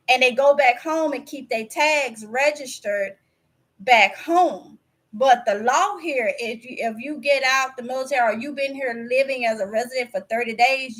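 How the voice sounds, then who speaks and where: A woman with a Mississippi Southern accent talks straight to her viewers in a high, bright-pitched voice. She is chatty and candid, telling stories in a folksy home dialect. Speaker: vlogger. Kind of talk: casual storytelling to camera.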